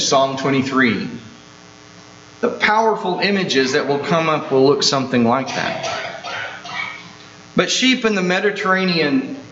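Slow, emphatic male preacher in a roomy hall. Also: on the high side, a bit bright. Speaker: pastor. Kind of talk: sermon. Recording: roomy, dull sound with mains hum.

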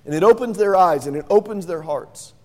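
Guy preaching a sermon, kinda high voice but mellow, acts out the story, asks the crowd stuff. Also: brisk. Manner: lively storyteller, acts out scenes and quizzes the audience. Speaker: pastor.

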